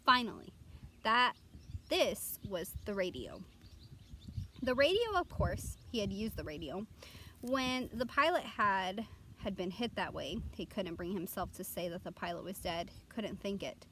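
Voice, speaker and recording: A woman narrating an audiobook in an expressive, dramatic reading style. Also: mid-range voice, measured pace, a little hiss or hum.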